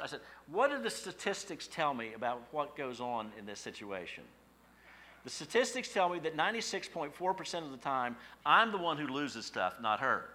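Middle-aged guy preaching, bright clear voice, chatty stories n questions to the crowd, faint hiss behind. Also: medium pitch. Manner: folksy storytelling with rhetorical questions. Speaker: pastor. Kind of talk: sermon.

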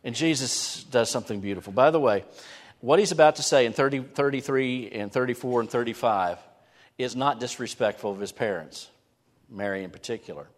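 A man gives an animated sermon in a church sanctuary, his voice at an ordinary middle pitch. He drops to near-whispers, then swells to emphatic lines. The sound carries a long reverb from the big hall around him. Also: brisk. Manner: animated preaching, shifting from hushed to emphatic. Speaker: pastor.

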